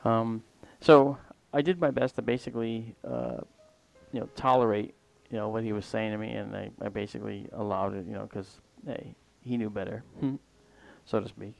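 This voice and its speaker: A man hosting a livestream tells a long personal story in a lowish, gravelly voice at a moderate pace. His delivery is casual and rambling, and he often trails off mid-sentence. The recording is dry.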